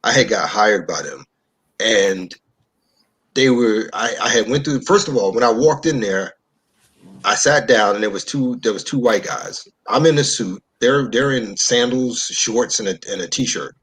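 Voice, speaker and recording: A man from New York in casual discussion, an animated storyteller who repeats himself. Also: fairly low pitch, measured pace, breathy edge.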